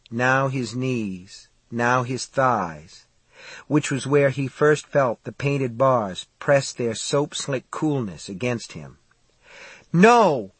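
A man narrating an audiobook in a steady, measured storytelling voice. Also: mid-range voice, breathy edge, dry recording.

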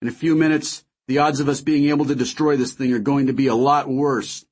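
Man playing middle-aged general, firm, commanding, slightly husky, audiobook. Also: mid-range voice, fairly even intonation, a little fast, voice pushed up, close to an everyday voice. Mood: urgent. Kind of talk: audiobook character voice.

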